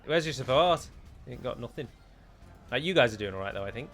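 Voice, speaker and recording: A man's voice: mid-range voice, lively intonation, fast talker, fairly bright tone. A man giving joking, rambling let's play commentary on a strategy game, with a sarcastic streak.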